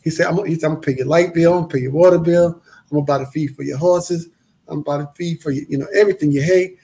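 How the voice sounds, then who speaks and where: A man tells a long personal story, slipping into the voices of everyone in it. His voice is gravelly and sits a little high for a man. He repeats his phrases for emphasis. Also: racing. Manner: animated, acts out quoted voices, repeats phrases. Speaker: guest telling his life story. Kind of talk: casual storytelling interview.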